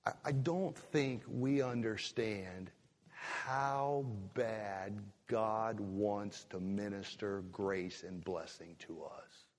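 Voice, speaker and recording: A male pastor preaching a sermon, drawing words out for emphasis and breaking into sudden loud rises. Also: fairly low pitch, extremely slow, big-room sound.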